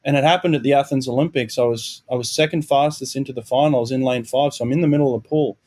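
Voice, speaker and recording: A man's voice: medium pitch, steady tone, quick pace, darkish tone. A middle-aged Australian man, a swim coach and guest, speaks candidly and reflectively in a podcast interview, restarting phrases and adding "you know".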